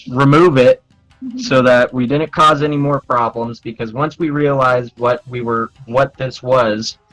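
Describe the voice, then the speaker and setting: A man's voice: mid-range voice, a bit bright, low-quality recording. A man playing a tabletop game, rambling through apologetic in-character lines. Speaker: player. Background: background music.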